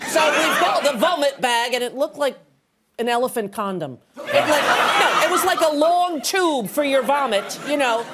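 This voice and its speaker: A woman from the United States, guesting on a talk show and telling animated, quick comic stories with frequent laughter. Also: high-pitched. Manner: animated storytelling, laughing often, fast asides. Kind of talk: casual comedic chat. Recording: live studio audience and noise.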